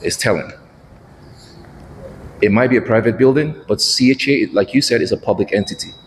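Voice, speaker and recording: A man's voice: medium pitch, brisk, slight background noise. A man arguing insistently while filming inside a building, recorded on his own camera. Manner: argumentative, insistent. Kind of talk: confrontational exchange.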